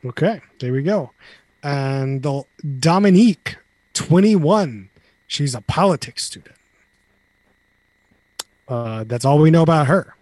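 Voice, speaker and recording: A man hosting a casual podcast discussion. His voice sits a touch high and moves a lot in pitch. The sound is dry and close to the mic. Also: animated, slow pace, pauses often, a little mellow, dry recording. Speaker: podcast host. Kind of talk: casual chat.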